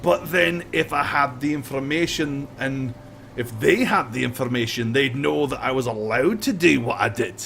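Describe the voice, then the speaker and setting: A man's voice: medium pitch, moderate pace, gravelly, a bit bright, slight background noise. A man voicing a bitter, defiant male prisoner warrior who blusters and threatens with an axe. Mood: evasive.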